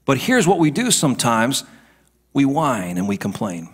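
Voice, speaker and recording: A middle-aged male pastor preaching a sermon, moving between hushed asides and emphatic declarations. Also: medium pitch, big pitch swings, moderate pace, breathy edge.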